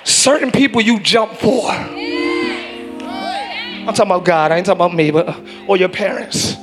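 A pastor preaching a live church sermon, with emphatic delivery that swings between shouts and hushed low lines. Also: male voice, expressive, moderate pace, over music, crowd noise. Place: church sanctuary.

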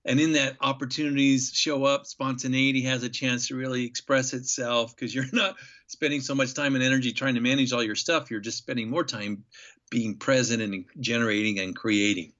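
A man's voice: medium pitch, steady tone, moderate pace, a bit bright. Guy telling a story on a podcast, lots of ums, kinda muffled audio. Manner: enthusiastic, reflective storyteller with many fillers. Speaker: guest.

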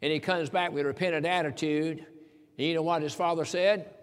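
A man speaks briskly in a slightly high, clean voice with a steady tone, his sermon echoing with long hall reverb. His preaching is folksy and emphatic, peppered with King James quotes.

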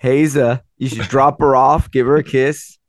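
A man co-hosting a casual podcast who teases his friends with dry, deadpan jokes. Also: medium pitch, a little slow, no room sound. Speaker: podcast co-host. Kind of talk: casual chat among friends.

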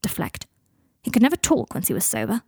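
A woman narrating a fan-fiction story in an even, steady storytelling manner. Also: on the high side, a little fast, breathy edge, no room sound, clean studio sound. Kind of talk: audiobook narration.

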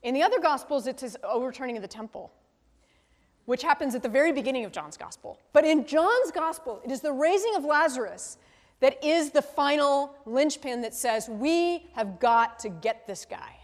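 A woman's voice: high voice, expressive, a little fast. A woman pastor giving a conversational sermon, often checking in with the congregation with tag questions like a teacher. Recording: long reverb of a large hall.

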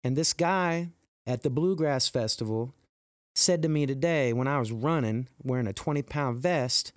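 A middle-aged man talking on his podcast, earnest and pumped up, rambling with restarts and leaping up in pitch whenever he acts out quoted exclamations. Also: moderate pace, clear, resonant tone, no room sound, studio quality. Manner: jumps high for quoted exclamations. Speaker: podcast host. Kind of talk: motivational podcast monologue.

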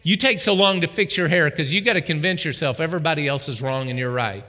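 Pastor guy preaching, high bright voice, keeps asking the crowd stuff, long echo in the hall. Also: quick pace. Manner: animated, calls out to the congregation. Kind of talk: sermon.

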